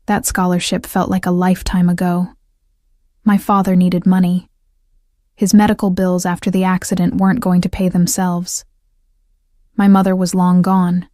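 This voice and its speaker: A woman narrating a first-person romance story in a measured, scripted way. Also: lowish voice, dark tone, no echo, studio quality.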